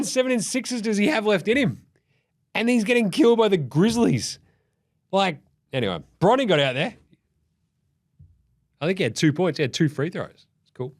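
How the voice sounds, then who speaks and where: An Australian man recapping the day's basketball with a lot of swearing and jokes, dropping into voices for the players now and then. His voice sits a little higher than most men's and swings widely in pitch as he gets worked up. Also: lively intonation, moderate pace. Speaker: basketball recap show host. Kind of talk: casual profane game recap.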